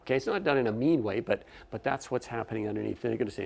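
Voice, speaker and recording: Gravelly-voiced man coaching new teachers. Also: mid-range voice, expressive, rapid-fire, hardly any pauses, darkish tone. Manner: explanatory, often checks in with "okay?"; frequent restarts and self-corrections. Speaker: teacher trainer. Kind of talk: workshop lecture to new teachers.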